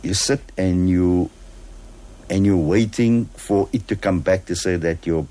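A man's voice: low-pitched, measured pace, dark tone. A man guest on a radio talk show, patiently explaining a process with examples and checking that listeners follow.

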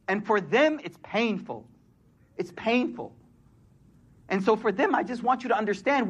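Young male preacher, high voice, slangy and emphatic, Arabic phrases woven in. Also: fairly bright tone. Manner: casual street-slang delivery mixed with Arabic phrases; emphatic, repeats phrases for effect. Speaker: Islamic preacher. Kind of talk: sermon.

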